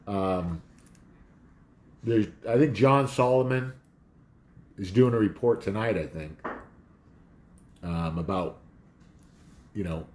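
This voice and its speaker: Male home host, slow unhurried delivery, rambling and conspiratorial, dog in the background. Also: fairly low pitch, darkish tone, slight background noise. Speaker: host of a home talk show. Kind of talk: casual monologue.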